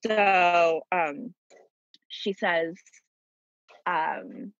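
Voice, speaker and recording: A young woman with a husky, slightly low voice tells a personal story with lively, dramatic flair and frequent laughter. The recording sounds dull and dry. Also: drawn-out words, pauses often, dry recording. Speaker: guest telling a story.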